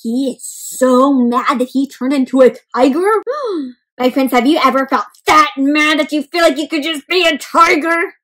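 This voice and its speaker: Casting: woman storyteller with a high voice, animated read-aloud for kids, full of gasps and questions to the children. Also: moderate pace, hardly any pauses, low-quality recording. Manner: expressive, often gasps, asks kids questions.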